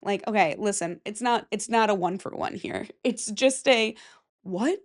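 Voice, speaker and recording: Here the young Michigan woman talks a little slowly in a medium pitch, still stuffed up and nasal from her cold. Alone at her desk microphone on her casual podcast, she rambles, giggles, and pokes fun at herself.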